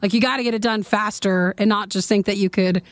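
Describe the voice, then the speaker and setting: A woman co-hosting a talk show, trading wry, quick comebacks and laughing often. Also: medium pitch, fairly even intonation, dry recording. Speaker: co-host. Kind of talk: casual banter on a talk show.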